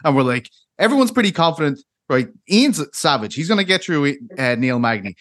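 A man interviewing a guest in a chatty, excitable way. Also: a little high, fairly quick. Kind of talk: casual interview.

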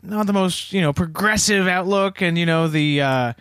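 A man's voice: high-pitched, normal speed, fairly bright tone, clean tone, no room sound. A man co-hosting a comedy podcast, dry and skeptical, hedging his criticism with lots of "you know". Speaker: podcast co-host. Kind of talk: comedic banter.

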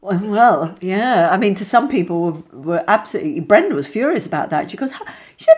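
Chatty middle-aged actress telling stories. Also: female voice, medium pitch, brisk, hardly any pauses. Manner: chatty, animated storyteller with many restarts. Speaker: actress, interview guest. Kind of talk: casual anecdotal interview.

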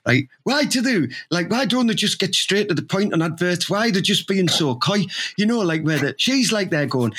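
A man co-hosting a crude comedy podcast, rambling and laughing as he talks. His voice is high, bright and husky. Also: very animated, brisk, hardly any pauses. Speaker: podcast co-host.

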